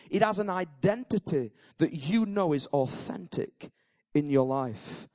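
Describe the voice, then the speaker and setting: A man's voice: high voice, a little mellow. A man preaching a sermon, moving from chatty storytelling to fervent, emphatic declarations. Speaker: pastor.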